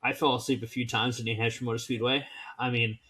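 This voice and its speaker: A man in his twenties co-hosting a podcast, chatting in a relaxed way with joking asides. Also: medium pitch, fast talker, breathy edge. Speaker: podcast co-host. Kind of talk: casual chat.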